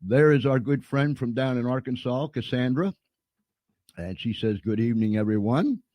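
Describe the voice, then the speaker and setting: Despite having a cold, this live-stream host keeps things folksy and chatty, playing the showman in a casual interview. He has a mid-range, darkish voice, animated and at a normal speed, with no echo.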